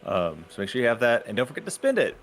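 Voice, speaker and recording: A man running an online tabletop game as dungeon master, relaxed, laughing often and talking with many fillers. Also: mid-range voice, quick pace. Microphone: online voice call.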